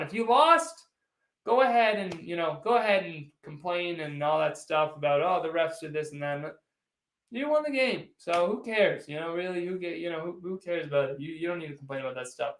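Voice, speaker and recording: A man's voice: sits high, a bit bright. A man hosting a casual postgame livestream, rambling and teasing as he answers viewers' chats directly. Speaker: sports livestream host. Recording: echoey room.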